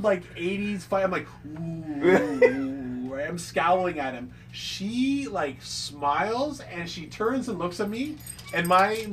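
A man telling a story in casual chat, animated, laughing and swearing as he acts out quotes. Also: high voice, slight background noise. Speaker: podcast co-host telling a story.

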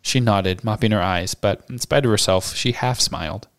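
Low-voiced man reading aloud. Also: normal speed. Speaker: podcast host and reader. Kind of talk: book reading and discussion.

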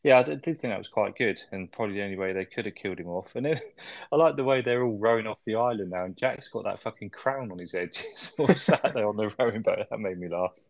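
A man's voice: lowish voice, fast talker, creaky, no room sound. A man chatting casually about a film, laughing often and hedging with fillers. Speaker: podcast co-host. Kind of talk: casual film review chat.

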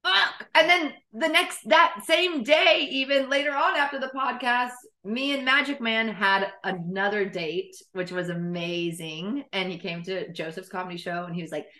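A young woman with a bright, sharp voice tells a dating story to her co-hosts. She is animated, laughs often and swears freely. The sound is echoey, as if from a bare room. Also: mid-range voice, moderate pace, hardly any pauses. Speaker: podcast co-host. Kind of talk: casual storytelling chat.

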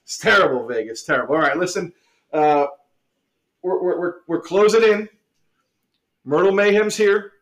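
A man with a fairly high voice hosts a loose, joking podcast. He reads a mock ad and runs the talk like a sportscaster, laughing along the way. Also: normal speed, long pauses, fairly bright tone. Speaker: podcast host. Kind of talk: casual joking chat.

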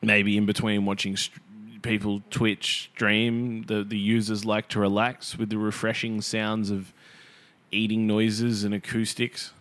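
Young man, podcast co-host, wry and jokey, low-pitched. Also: flat delivery, measured pace, fairly bright tone. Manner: wry, laughs often, jokey asides. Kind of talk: casual chat.

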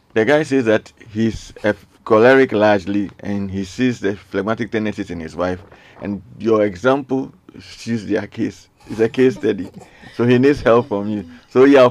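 Deep gravelly radio host. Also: male voice, moderate pace. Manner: earnest, reads listener messages aloud, repeats pleas. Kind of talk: radio call-in talk show. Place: radio studio.

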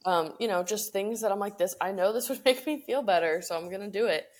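A woman's voice: medium pitch, fairly quick. A young woman co-hosting a podcast, chatting casually with lots of "like" fillers and easy laughs. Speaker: podcast co-host. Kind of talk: casual chat.

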